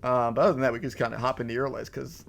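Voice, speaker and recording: A man's voice: mid-range voice, steady tone, rapid-fire, gravelly, a bit bright. A man co-hosting a movie podcast in casual chat, joking and blunt, swearing casually. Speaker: podcast co-host.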